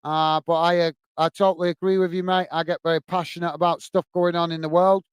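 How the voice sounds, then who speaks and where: High-voiced chatty English man. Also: flat delivery, fast talker, clear, resonant tone, dry recording. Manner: chatty, apologetic, says mate often. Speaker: host reading live chat. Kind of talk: casual live-stream chat.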